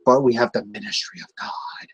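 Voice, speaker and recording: A man's voice: medium pitch, fairly even intonation, fairly quick, fairly bright tone, breathy edge, no room sound, highs cut off. A man hosting a wrestling show, cutting a taunting, sarcastic trash-talk promo.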